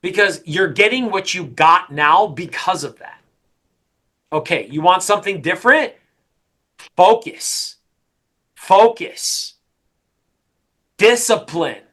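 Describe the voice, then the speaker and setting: A middle-aged man coaching a sales team, talking in an energetic, emphatic way and often repeating his points. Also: sits high, moderate pace. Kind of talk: coaching session.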